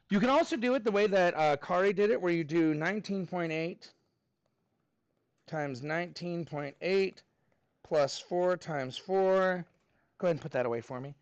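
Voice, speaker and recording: A man's voice: fairly high pitch, no room sound, dull audio. A man teaching a middle school math class in a classroom, chatty and jokey with frequent asides.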